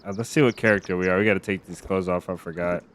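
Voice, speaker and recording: This survival-game streamer has a low voice and talks fast, yet stays relaxed, rambling and chatting casually with his viewers as he gives live-stream commentary.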